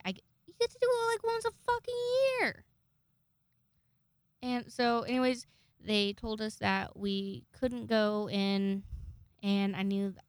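A woman's voice: mid-range voice, clear, resonant tone, no echo. Young woman in a casual storytime vlog. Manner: chatty, swears a lot, restarts often.

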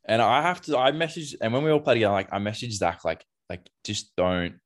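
A man's voice: lowish voice, brisk. An Australian man co-hosting a podcast in casual, easygoing chat. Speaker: podcast co-host.

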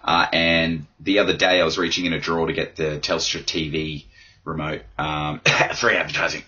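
A deep-voiced man hosts a casual solo podcast, hoarse and rambling with crude, self-deprecating humour. His tone is bright and forceful. The recording sounds dull and lo-fi. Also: little pitch movement, moderate pace. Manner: rambling, crude, self-mocking with frequent laughs. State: hoarse from yelling. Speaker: podcast host.

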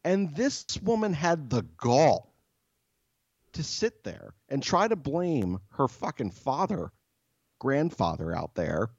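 A man's voice: mid-range voice, darkish tone, dry recording, muffled recording. A man co-hosting a podcast, telling a story in a profane, exasperated rant. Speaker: podcast co-host. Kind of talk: casual storytelling.

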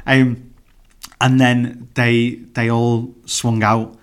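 This is a man in casual podcast chat. He has a mid-pitched voice and recaps scenes with lively enthusiasm. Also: smooth. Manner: enthusiastic, chatty, quick to laugh. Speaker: podcast co-host. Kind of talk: casual film discussion chat.

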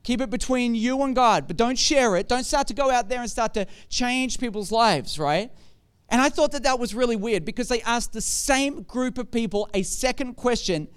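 High-voiced, clear-toned male preacher. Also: animated, normal speed. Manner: conversational, asks rhetorical questions, grows forceful. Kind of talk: sermon.

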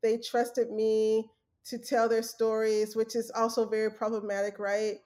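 A woman's voice: a little high, monotone, measured pace, warm tone. Earnest woman telling a story. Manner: earnest, storytelling, many fillers and restarts. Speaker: guest, former journalist. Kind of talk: casual interview conversation.

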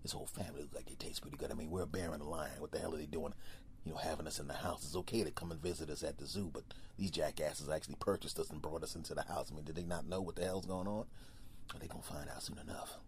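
Man putting on a greedy bear, low fast whisper, conspiratorial, faint background noise. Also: steady tone. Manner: low quick whisper, plotting.

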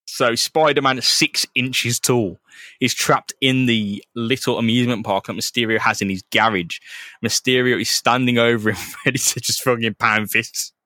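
A man co-hosting a podcast, casually retelling a comic book in an animated, crude, laughing way. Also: mid-range voice, normal speed, dry recording, clean studio sound. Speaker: podcast co-host.

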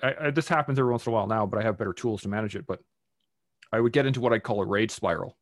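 Animated man telling anger stories. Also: on the low side, rapid-fire, dry recording, clean studio sound. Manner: animated, acts out his own angry outbursts; swears casually. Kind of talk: casual conversation.

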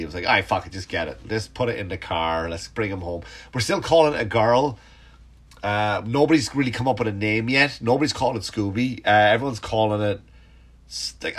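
A middle-aged man with a slightly low voice, stuffed up and sniffly. He rambles through a casual comic monologue, swearing freely and cutting himself off mid-sentence. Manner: rambling, profane, self-interrupting. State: congested, sniffly. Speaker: stand-up comedian hosting a podcast.

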